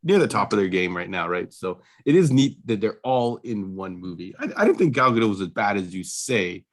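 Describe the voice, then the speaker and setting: A man's voice: on the low side, animated, fairly quick. A man co-hosting a podcast, chatting casually about a movie in a rambling way, full of fillers and restarts. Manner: rambling, filler-heavy, laughs easily. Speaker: podcast co-host. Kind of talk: casual movie review chat.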